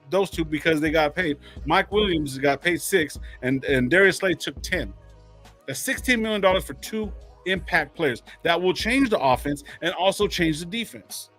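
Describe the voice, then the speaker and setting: A man's voice: on the high side, fairly bright tone. A man on a sports podcast, talking casually and rambling through figures, with some swearing. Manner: profane, rambling, works through numbers. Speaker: podcast co-host.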